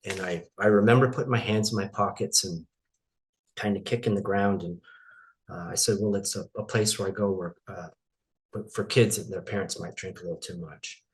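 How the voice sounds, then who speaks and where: A middle-aged man from Maine with a lowish voice appears as an interview guest, recounting a painful personal story. He speaks haltingly and emotionally, restarting often.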